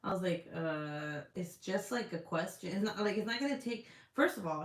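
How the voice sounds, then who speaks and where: A young woman with a slightly low voice chats on a live stream, rambling and cursing freely, trailing off into fillers and little laughs. Her voice bounces around a roomy, echoey space. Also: expressive, normal speed, few pauses. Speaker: vlogger reading live chat. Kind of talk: casual live-stream chat. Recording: roomy echo.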